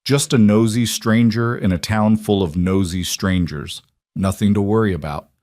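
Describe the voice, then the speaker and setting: Brief: man doing a low, terse cowboy, guarded, dry close sound. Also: normal speed, darkish tone, no room sound, natural voice. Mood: firm. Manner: terse and firm.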